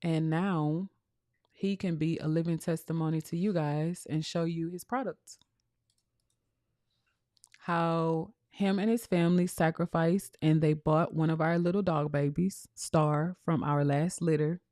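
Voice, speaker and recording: A woman talks on a casual livestream, her voice sitting fairly low. She coaches and preaches to her viewers. The sound is dry and close. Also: mellow, dry recording. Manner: preachy, addresses viewers as y'all. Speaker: dog breeder and business coach.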